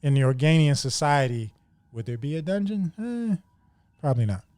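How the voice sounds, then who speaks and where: A man co-hosting a podcast, retelling a scene in casual chat and acting out characters in quick put-on voices. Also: on the high side, sing-song, darkish tone, no room sound. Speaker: podcast co-host.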